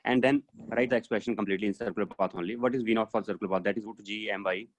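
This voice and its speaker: A man's voice: on the low side, steady tone, racing. A man teaching physics in a live online class over a video call, explaining step by step and thinking aloud with many fillers.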